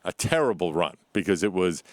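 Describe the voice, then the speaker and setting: A man's voice: low voice, lively intonation, fairly quick, dry recording. A man guest telling rambling travel stories in casual chat, swearing casually.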